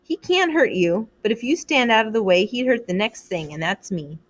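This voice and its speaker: A woman's voice: a little high, lively intonation, moderate pace. A woman reading aloud, voicing an anxious, earnest schoolboy who talks in a plain, worried, pleading way. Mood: fretful.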